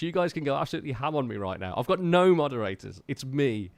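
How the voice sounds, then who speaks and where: A drummer from Wolverhampton, England, with a faint West Midlands accent, livestreams his practice from his home drum room, chatting casually with viewers in a jokey, self-deprecating way. His medium-pitched voice is sing-song with vocal fry, and he talks fast with few pauses on a dry recording.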